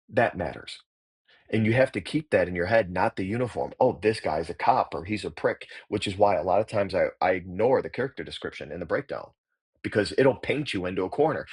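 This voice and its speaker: Low, husky, blunt-talking man. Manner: blunt, profane, emphatic. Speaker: actor and acting coach, guest. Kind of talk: casual interview talk.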